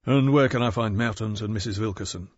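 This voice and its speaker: A man voicing a calm, methodical male police detective in an audiobook, asking direct questions. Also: lowish voice, brisk, no room sound, muffled recording, natural voice. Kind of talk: audiobook character voice.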